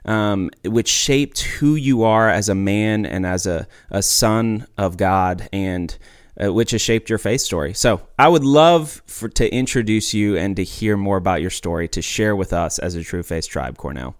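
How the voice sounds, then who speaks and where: A man hosting a podcast, talking in an energetic, emphatic, chatty way. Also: fairly low pitch, measured pace, smooth, no echo, studio quality. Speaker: podcast host. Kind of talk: casual podcast chat.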